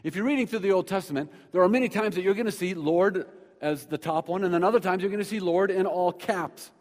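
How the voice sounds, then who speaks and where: A man with a notably high voice preaches a sermon with lively energy, often doubling his words as he pushes a point. The sound carries a long echo from a large church hall. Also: quick pace. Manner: animated, repeats words when excited, jokes aside. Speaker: pastor. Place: church sanctuary with screens.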